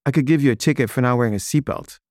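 A man's voice: medium pitch, racing, darkish tone, no room sound, clean studio sound, natural voice. A man voicing a curt male police officer who gives blunt commands.

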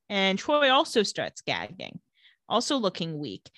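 A woman telling a TV recap in an animated, chatty way, her voice bright and sharp-edged. Her pitch swings widely as she narrates, and she laughs often. The sound is dry and close, with no room around it. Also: a little slow, no room sound. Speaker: podcast co-host recapping a TV episode. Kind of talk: casual recap chat.

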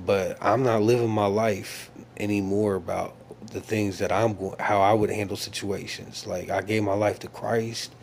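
A man's voice: lowish voice, steady tone, normal speed, gravelly, few pauses, a little mellow, slight background noise. A man casually recounting a dream in an earnest, reflective way, with many fillers, restarts and searching for words.

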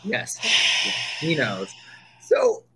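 Animated joking man, lively pitch. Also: extremely slow, a little hiss or hum, rough recording. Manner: animated storyteller, crude joking. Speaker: podcast guest, poet and comedian. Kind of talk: casual podcast chat.

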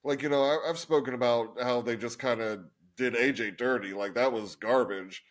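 A man co-hosting a wrestling podcast, talking casually in a halting, hesitant way. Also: mid-range voice. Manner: hesitant, halting, many restarts and fillers. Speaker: podcast co-host.

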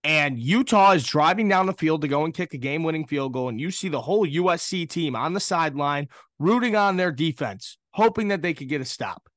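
Blunt young man, lively high voice. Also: a little fast, few pauses, dry recording, studio quality. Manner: blunt, dismissive, swears. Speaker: podcast co-host. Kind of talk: casual sports talk.

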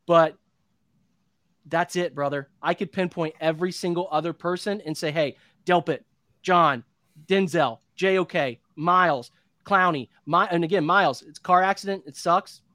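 A man's voice: on the high side, moderate pace, sharp tone, dry recording, studio quality. A man in his thirties hosting a postgame sports show, venting in an impassioned, repetitive rant. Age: 30s. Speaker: podcast host.

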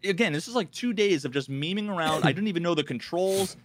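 A man co-hosting a casual gaming podcast, telling stories in an animated way and swearing freely. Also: high-pitched, fast talker, no room sound. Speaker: podcast co-host.

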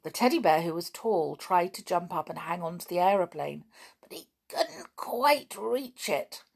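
A woman reading a children's story aloud, expressive, with asides to her listeners. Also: fairly low pitch, a little slow, vocal fry, breathy edge.

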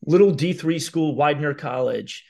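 A man hosting an interview who asks questions in a halting way, often restarting his sentences. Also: fairly high pitch, creaky, darkish tone. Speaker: podcast host. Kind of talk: casual interview.

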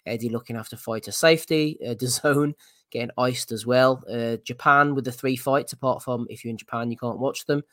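A man hosting a boxing podcast, steering the chat and running through a segment list in an easygoing way. He has a middle-pitched voice, recorded dry and close. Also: fairly even intonation, fairly quick, fairly bright tone, no echo. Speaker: podcast host.

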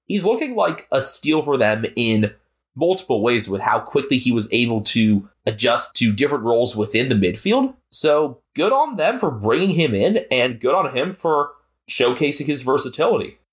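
A man's voice: mid-range voice, lively intonation, normal speed. An American man co-hosting a podcast, chatting casually and analytically about football. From United States. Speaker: podcast co-host. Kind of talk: casual sports chat.

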